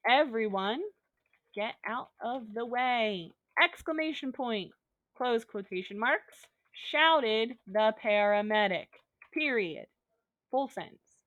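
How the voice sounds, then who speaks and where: A woman's voice: a little high, fairly bright tone, no room sound, lo-fi sound. A woman teacher giving a recorded online lesson, upbeat and a little goofy, talking students through examples step by step.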